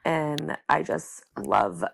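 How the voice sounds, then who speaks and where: A woman in her late twenties, hoarse from being sick, leaving a gushing, excited voice message for a podcast. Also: low voice, drawn-out words. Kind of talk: recorded voice message.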